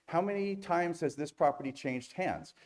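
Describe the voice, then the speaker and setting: Guy speaking on stage at an industry event, talks fast, candid, jokey asides. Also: fairly high pitch, animated, darkish tone. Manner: quick, candid, joking asides. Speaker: conference speaker. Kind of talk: fast-paced industry talk.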